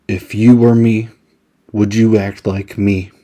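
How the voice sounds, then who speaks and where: A man's voice: fairly low pitch, flat delivery, slow, dark tone. A man playing an awkward, nervous teenage prankster who talks sheepishly and pities himself.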